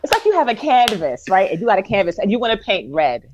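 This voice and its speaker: Expressive woman on a podcast, pitch jumps around, kinda dull muffled mic. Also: fast, a little hiss or hum. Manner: expressive, builds points with metaphors. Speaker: podcast co-host. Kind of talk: casual commentary chat. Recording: slightly muffled dry mic.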